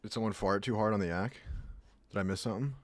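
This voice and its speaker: A man's voice: fairly low pitch, fast, dry recording. A man streaming and chatting casually, rambling through jokey asides. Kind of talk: casual chat.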